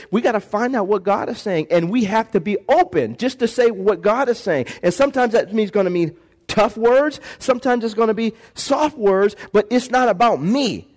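A man pastor preaching a lively sermon in a church, acting out voices and calling for responses from the congregation. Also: sits high. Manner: animated preaching, acts out voices, call-and-response.

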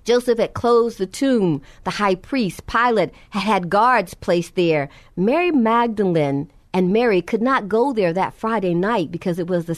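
A woman preacher delivering a sermon, retelling scripture with impassioned emphasis, her voice climbing at key points. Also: dry recording. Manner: impassioned, rising in pitch at emphasis.

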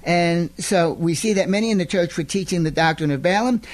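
A man preaching a radio sermon emphatically, building to loud indignant rises. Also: sits high, fairly quick.

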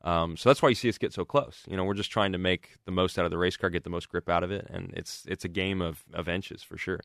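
A man who races cars, explaining calmly in casual conversation. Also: sits low, quick pace, no echo, studio quality. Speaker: racing driver. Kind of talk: casual chat.

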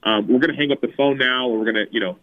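A man in his thirties, a former pro football player, telling a personal story as a podcast guest and acting out his own past words. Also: rapid-fire. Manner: animated, acts out his own past words with big pitch jumps. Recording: phone-like narrow audio.

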